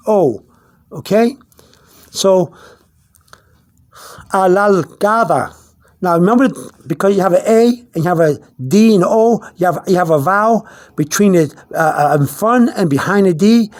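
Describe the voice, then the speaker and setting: Guy with a high voice doing a casual vocab lesson, lots of ums and restarts, slows down to spell words out. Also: a little mellow. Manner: halting, repeats himself, many fillers; searches aloud through his notes. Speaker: language teacher. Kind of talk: unscripted video lesson.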